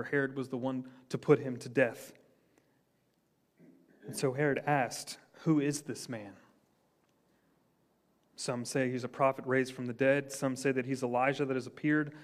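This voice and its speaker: A man preaching a sermon in a slightly high voice. He speaks earnestly, lifting his voice on key points and letting it fall low on the quieter lines. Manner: earnest preaching, rising for emphasis then dropping low. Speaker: pastor.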